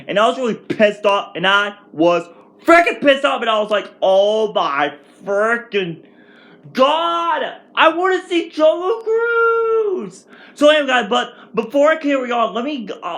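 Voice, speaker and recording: Twenty-something guy ranting casually at home, kinda high voice, rambly and worked up. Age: 20s. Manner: rambling, excitable, many restarts. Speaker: vlogger. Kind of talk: casual storytime rant.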